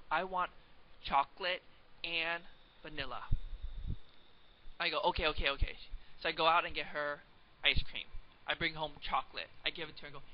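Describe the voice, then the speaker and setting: A man's voice: a little high, fairly even intonation, a little fast. A young man teaching math in a casual, joking lecture, asking viewers questions as he goes. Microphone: webcam microphone. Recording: dull lo-fi home webcam recording with faint hiss.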